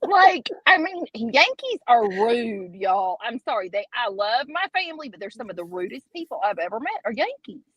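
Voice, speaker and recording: A woman with a Southern US accent, co-hosting a casual podcast chat and telling stories with animated laughter. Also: fairly high pitch, normal speed, few pauses, husky, no room sound, low-quality recording. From Southern United States. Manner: animated storyteller, laughs a lot. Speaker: co-host.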